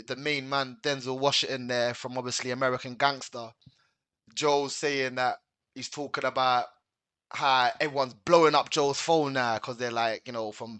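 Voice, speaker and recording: A man's voice: mid-range voice, bright, forceful tone, clear, resonant tone, no echo. A man hosting a slangy, rambling sports chat. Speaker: host. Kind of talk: casual chat.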